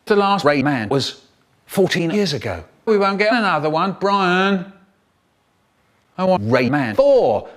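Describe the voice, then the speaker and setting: A man voicing his bossy, grumpy young brother in a slow, nagging tone. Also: high voice, big pitch swings, voice pushed up, exaggerated voice. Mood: scolding.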